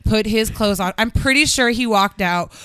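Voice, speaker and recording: A woman's voice: medium pitch, moderate pace, fairly bright tone, smooth, no room sound. A young woman in casual podcast chat, telling stories animatedly, acting out quotes and swearing freely.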